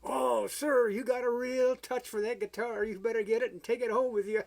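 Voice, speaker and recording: A man's voice: very high voice, fairly even intonation, normal speed, gravelly, pitched above the performer's own voice. A man voicing an eager, fawning male pawn shop salesman with a pushy sales patter. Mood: gushing.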